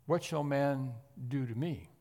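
A man's voice: mid-range voice, a little slow, darkish tone. Preaching man in a reverberant church. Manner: earnest preaching with emphatic rises. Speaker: pastor. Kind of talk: sermon. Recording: long hall reverb.

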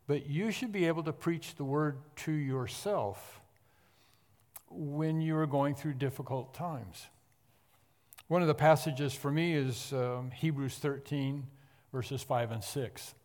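Preaching man in a reverberant church. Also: on the high side. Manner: earnest preaching with emphatic rises. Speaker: pastor. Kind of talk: sermon. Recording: long hall reverb.

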